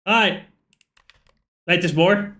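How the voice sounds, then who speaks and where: A man streaming a video game, reacting loudly to the action and swearing freely. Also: high-pitched, extremely slow. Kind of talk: live gaming commentary.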